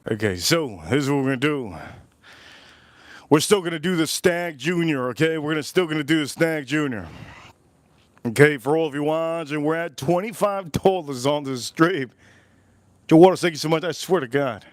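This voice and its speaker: Standing at an outdoor grill, a livestream host cooks casually, cracks loose jokes and reads viewers' super chats out loud as he talks to chat. He has a fairly high voice with lively intonation and a normal pace, recorded dry.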